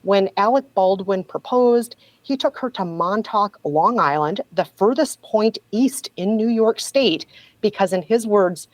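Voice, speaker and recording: A woman's voice: mid-range voice, expressive, measured pace, no echo, poor audio. A woman guest on a podcast, telling a story in a sardonic, casual way and laughing often.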